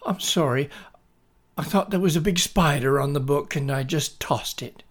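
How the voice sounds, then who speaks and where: A man's voice: fairly high pitch, normal speed, voice pushed up, close to an everyday voice. A man voicing an annoyed young schoolgirl.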